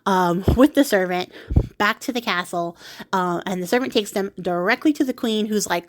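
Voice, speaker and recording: A woman's voice: mid-range voice, animated, normal speed. Woman craft vlogger, casual storyteller, giggly and sarcastic, chatty with filler words.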